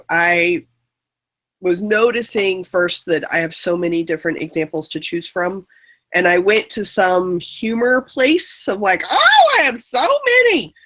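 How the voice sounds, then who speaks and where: A woman's voice: lowish voice, a bit bright. A woman trainer on a panel, telling a candid, self-reflective personal story.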